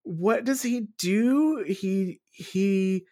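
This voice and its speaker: A woman co-hosting a podcast in casual chat, talking in an animated, exclamatory way. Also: medium pitch, drawn-out words. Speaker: podcast co-host. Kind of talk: casual book-discussion chat.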